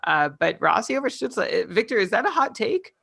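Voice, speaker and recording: A man co-hosts a casual podcast in a gravelly voice with a sharp, bright edge. He speaks measuredly and brushes off teasing. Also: sits high, very animated. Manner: measured, deflecting. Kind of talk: casual chat.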